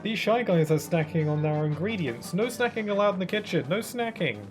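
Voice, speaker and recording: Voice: mid-range voice, sing-song, quick pace, music in the background, pitched above the performer's own voice, natural voice. A streamer doing an indignant Toad head chef. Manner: indignant, exclaiming.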